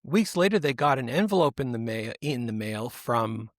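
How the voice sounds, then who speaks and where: A man's voice: medium pitch, lively intonation, normal speed, no echo, studio quality. A man hosting a casual podcast, reading news stories aloud in a rambling, self-interrupting way. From United States. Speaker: podcast host.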